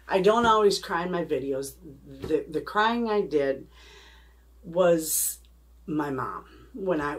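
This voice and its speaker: A middle-aged woman hosting a homesteading channel, chatting casually and emotionally to her viewers. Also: low voice. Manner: rambling, heartfelt, emotional. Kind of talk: casual chat to camera.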